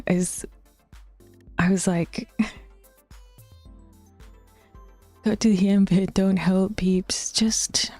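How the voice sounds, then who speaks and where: A woman streaming herself while she works out, chatting loosely with viewers in a mellow, warm voice. She drifts into half-whispers, laughs easily and swears without a second thought. Faint music plays behind her. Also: mid-range voice, no echo. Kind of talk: casual livestream chat while working out.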